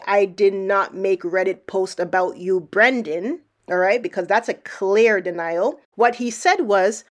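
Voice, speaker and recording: A woman giving sarcastic mock-detective commentary over clips, probing and building a case point by point. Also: a little high. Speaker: commentary narrator.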